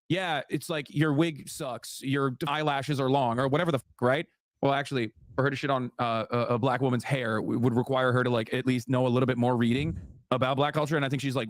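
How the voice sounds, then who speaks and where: A man's voice: medium pitch, dry recording. A man hosting a live reaction stream, ranting in profane, heated commentary. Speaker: livestream host.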